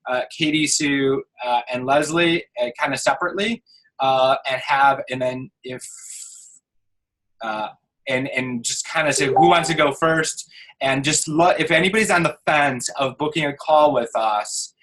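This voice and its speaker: Guy running a group coaching call, mid pitch, kinda rambly, keeps restarting lines. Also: measured pace, a bit bright, rough recording. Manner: loose, restarts sentences. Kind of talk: casual group video call. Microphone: video call.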